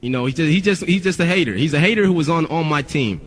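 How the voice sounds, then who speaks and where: A man's voice: on the high side, expressive, quick pace, big-room sound. A young man, a rapper, telling stories casually to friends, swearing often and rambling with many restarts.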